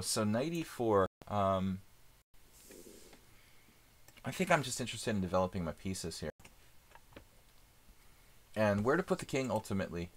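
A man streaming live chess, thinking aloud in casual commentary with many fillers and pauses. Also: lowish voice, expressive, slight background noise.

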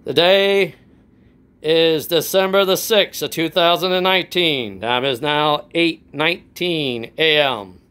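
A man hosting his own doll channel, announcing slowly and deliberately with lots of repetition. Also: a little high, sharp tone, clean tone. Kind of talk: casual video narration.

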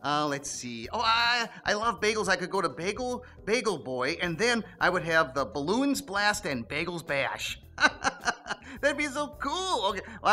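A man voicing an excitable, scatterbrained male bunny puppet in a children's puppet show, giggling and stammering as he talks. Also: high-pitched, heavily acted.

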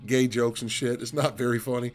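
A man's voice: mid-range voice, little pitch movement, fairly quick. A man hosting an online open mic comedy show, joking loosely and swearing. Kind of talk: casual hosting banter.

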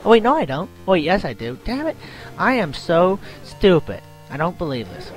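A man's voice: high voice, big pitch swings, normal speed. A young man giving casual, self-mocking commentary while playing a game, yelping and groaning at it. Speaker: let's play gamer. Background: game music.

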